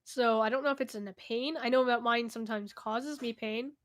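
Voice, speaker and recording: A woman's voice: a little high, steady tone, brisk. A young woman answering viewer questions in a casual vlog at home, candid and chatty, often laughing and trailing off. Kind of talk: casual Q&A chat to camera. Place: indoors at home, cat nearby.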